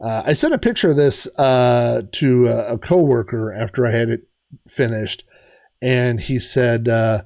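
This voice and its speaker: Middle-aged male streamer, casual and rambling, mid-pitched voice. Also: measured pace, creaky, a little mellow. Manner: rambling, many fillers and restarts. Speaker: retro gaming streamer.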